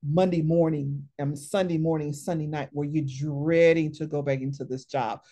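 A woman career coach talking in an interview, telling stories in a lively, emphatic way and often adding tag questions. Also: low voice, normal speed. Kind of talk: conversational interview, storytelling.

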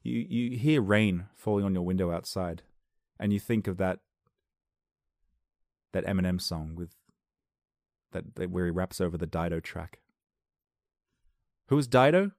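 A man's voice: low-pitched, fairly even intonation, moderate pace, pauses often, a little mellow, dry recording, studio quality. A man in his thirties hosting a podcast, rambling through a jokey monologue and laughing at his own jokes. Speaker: podcast host.

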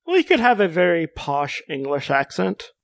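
A man's voice: on the high side, sing-song, moderate pace, vocal fry, no echo. A man co-hosting a casual podcast chat, reading out a character profile with joking asides. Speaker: podcast co-host.

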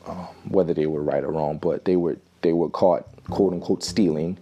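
Deep, mellow-voiced man telling a story. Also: steady tone, dull audio. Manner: reflective, halting with restarts. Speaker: host. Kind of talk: personal storytelling.

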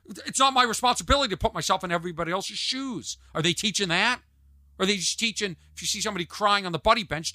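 Male podcast host, animated comic rant, bright edge, dead-dry sound. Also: a little high, dry recording. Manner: animated, ranting, mimics others in asides. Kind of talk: comedic solo podcast monologue. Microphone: podcast mic on video.

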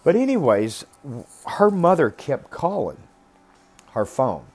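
A man's voice: fairly high pitch, big pitch swings, slow pace, a little mellow. A man casually telling a personal story in a blunt, rambling way, swearing constantly. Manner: talks about being raised rough.

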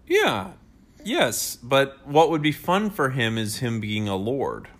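A man's voice: mid-range voice, animated, measured pace. A man co-hosting a casual advice chat, joking around and rambling, often breaking into laughs. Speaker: podcast co-host.

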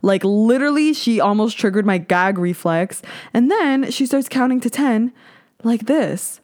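A young woman hosting her own podcast in casual solo chat, candid and swearing freely, now and then mimicking other people in a high, squeaky voice. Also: expressive, a little slow, darkish tone. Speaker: podcast host.

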